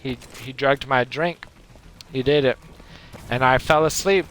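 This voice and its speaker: A man's voice: medium pitch, unhurried. A man streaming a video game and rambling through a made-up story, jumping between voices as he goes. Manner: animated, jumps between voices and laughs. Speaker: gaming streamer. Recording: game gunfire noise behind.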